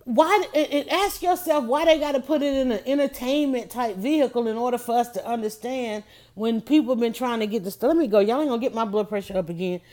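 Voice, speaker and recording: A woman's voice: fairly high pitch, fairly quick, a little mellow. A woman hosting a casual motivational talk, emphatic and preachy, repeating her points. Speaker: host.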